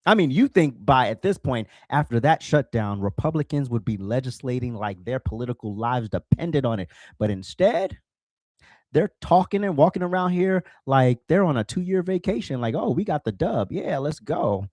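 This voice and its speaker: Fired-up man ranting solo, lively pitch. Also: normal speed, no echo. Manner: fired-up, emphatic, repeats phrases for punch. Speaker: podcast host. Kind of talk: solo political rant.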